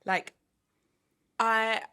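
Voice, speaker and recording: A young woman hosting a casual chat, reacting with quick, joking interjections. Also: fairly high pitch, flat delivery, sharp tone, clear, resonant tone. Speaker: podcast host.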